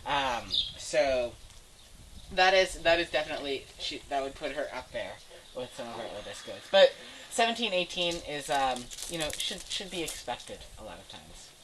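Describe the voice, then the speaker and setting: A woman on the staff of an animal sanctuary, answering viewer questions in a calm, matter-of-fact way. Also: rumbling low, moderate pace. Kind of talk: casual chat. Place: outdoors on a farm sanctuary. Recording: noisy outdoor recording.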